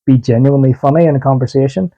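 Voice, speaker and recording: A man's voice: mid-range voice, very fast, warm tone, lo-fi sound. A man co-hosting a podcast, talking in an easygoing, reflective way in a casual chat. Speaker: podcast co-host.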